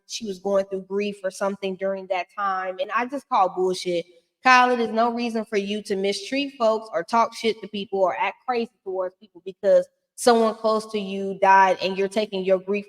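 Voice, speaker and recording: A sassy woman recapping a reality show in loose, casual commentary. She talks bluntly and swears freely, at a middling pitch. Her voice carries a long reverb from the room. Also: fairly bright tone.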